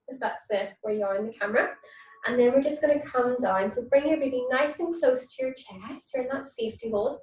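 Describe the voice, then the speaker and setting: Woman, gentle yoga teacher, soothing and encouraging, fairly high voice, echoey room, distant mic. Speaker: mum and baby yoga instructor. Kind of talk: online yoga class instruction with nursery songs. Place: indoor room, moving around on camera.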